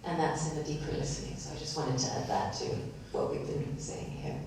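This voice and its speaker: A woman's voice: deep voice, animated, a little fast, darkish tone, slight background noise. A woman on a discussion panel, speaking reflectively and searching for her words. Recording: echoey room, from far off.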